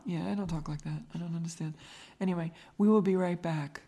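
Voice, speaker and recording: In a casual chat on her podcast, a middle-aged host with a regional American accent tells stories and laughs a lot. She speaks a little fast in a fairly low, dark voice with fairly even intonation.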